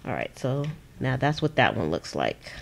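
A woman's voice: extremely low pitch, sing-song, moderate pace, creaky, slight background noise. A woman hosting a crafting livestream from her desk at home, chatting casually, laughing often and answering viewers' comments. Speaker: crafting channel host.

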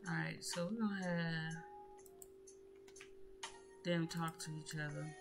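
A woman's voice: deep voice, fairly even intonation, takes it slowly, creaky. A woman giving casual, chatty gameplay commentary in slangy speech, addressing her viewers directly. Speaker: gaming YouTuber. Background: music.

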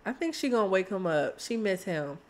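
A woman, chatting excitedly to viewers while playing a life-sim game. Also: mid-range voice, fairly quick. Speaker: gaming streamer. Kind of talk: casual let's-play commentary.

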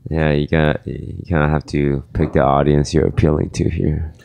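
A tired, groggy man co-hosting a casual podcast chat with a dry, deadpan delivery. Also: rumbling low, moderate pace, creaky, smooth, no room sound, dull audio. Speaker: podcast co-host.

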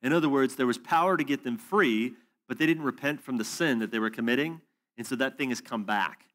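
A male conference speaker giving a sermon through a story. He talks in an animated way and acts out both voices of a conversation with a middle-pitched voice. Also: a little fast. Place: church hall or conference room.

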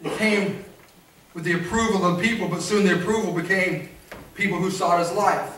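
A man's voice: high-pitched, fairly even intonation, brisk, a bit bright, slight background noise. A male preacher giving a sermon in a church, repeating phrases and calling for responses from the congregation. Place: church sanctuary. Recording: echoey church from a distance.

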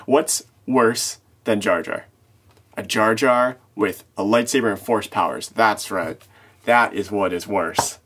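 A man's voice: lowish voice, takes it slowly, a bit bright, slightly rough. A man hosting a casual toy showcase vlog, easygoing and chuckling between remarks. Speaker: toy channel host.

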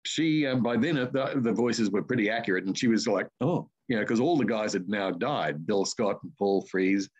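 An older Australian man spins long, rambling anecdotes in a relaxed interview, speaking in a low voice. The recording sounds dull and lo-fi. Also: brisk, hardly any pauses. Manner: rambling anecdotes with lively asides. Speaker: voice artist and author, guest. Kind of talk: casual interview storytelling.

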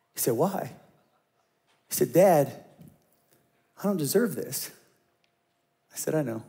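Man, middle-aged, pastor, conversational sermon, slightly high voice, hushed storytelling. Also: vocal fry. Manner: conversational preaching, dropping to hushed tones for stories.

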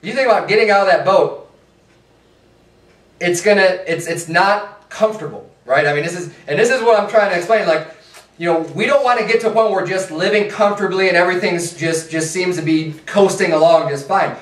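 High-voiced preacher in an echoey church. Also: male voice, fairly quick, fairly bright tone, recorded from a distance. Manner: casual, repeats rhetorical "right?" and "hey". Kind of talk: conversational sermon. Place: church sanctuary.

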